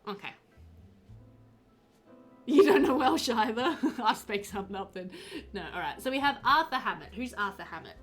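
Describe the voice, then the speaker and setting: A woman's voice: a little high, big pitch swings, normal speed, fairly bright tone, soft background music. A woman streaming a game, chatting casually and giggling with her viewers. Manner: giggly, chatty, talks to chat.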